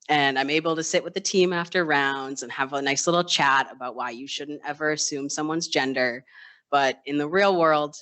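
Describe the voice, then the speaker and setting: A nurse tells a personal story to a live audience with a bright, crisp voice. The delivery is casual and conversational, with wry self-deprecating humor. Now and then the speaker slips into the voices of coworkers and patients. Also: mid-range voice. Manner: acts out quoted voices of others. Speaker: ICU nurse. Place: live storytelling stage event.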